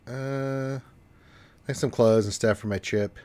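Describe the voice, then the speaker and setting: A man's voice: medium pitch, steady tone, slow pace, darkish tone. A congested man with allergies, hosting a casual gaming livestream and rambling with cursing asides. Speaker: livestream host.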